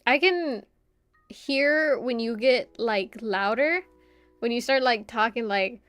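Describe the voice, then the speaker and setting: A woman's voice: fairly high pitch, slow, fairly bright tone, clear, resonant tone, no room sound, faint music behind. A woman streamer chatting casually with her viewers, rambling and stumbling over repeated words, often laughing. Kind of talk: casual chat reading viewer comments.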